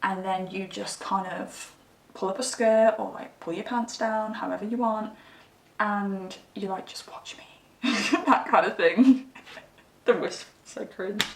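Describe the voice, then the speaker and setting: A woman's voice: mid-range voice, steady tone, measured pace, gravelly. A woman giving a casual tarot reading, chatty and giggly, often breaking into laughter. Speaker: tarot reader. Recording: echoey room, mic at a distance.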